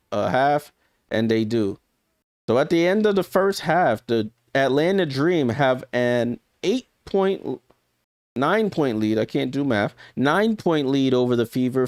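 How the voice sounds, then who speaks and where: Smooth-voiced man calling a game live. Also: mid-range voice, no echo, studio quality. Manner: chatty, corrects himself often and laughs at his own slips. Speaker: live stream watch-along commentator. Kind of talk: casual live play-by-play commentary.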